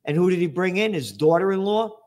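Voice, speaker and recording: A man's voice: high voice, expressive, fairly quick, a little mellow, a little hiss or hum. A male host of a political interview show, ranting in a sarcastic, emphatic way.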